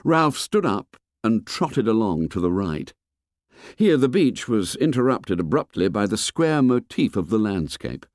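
A man reading a novel aloud as an audiobook narrator, in an expressive storytelling manner. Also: on the low side, measured pace, no echo, clean studio sound. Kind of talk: scripted narration.

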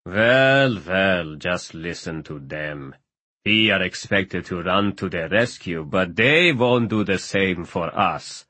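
A man voicing an elderly, proud and bitter pasha in an audiobook, with a trembling voice and slow, heavy, sorrowful speech. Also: sits low, expressive, pushed and bright, dry recording, voice pushed down, full character voice. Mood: sardonic. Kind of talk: audiobook character voice.

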